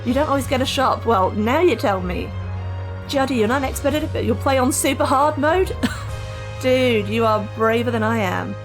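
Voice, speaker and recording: Woman, live game streamer, fairly high voice, chatty and lively, faint music under her. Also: moderate pace. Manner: chatty, animated, reads and answers chat. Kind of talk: casual live-stream chat.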